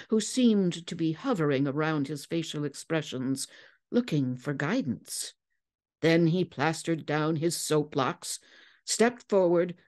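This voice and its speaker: Slow, expressive woman narrator. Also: low voice. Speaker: guest reader. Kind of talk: dramatic story reading.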